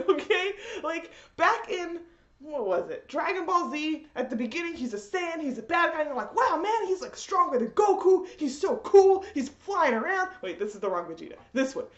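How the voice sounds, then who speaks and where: A woman reviewing an anime episode in a casual vlog, in an animated, rambling fan rant. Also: high voice. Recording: echoey room, dull lo-fi audio.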